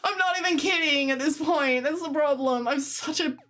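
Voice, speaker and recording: A young woman streaming live, chatting in a high, bright-sounding register with big exaggerated emphasis. She swears casually and laughs often, and a little music plays softly behind her. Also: moderate pace. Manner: exaggerated, expressive delivery.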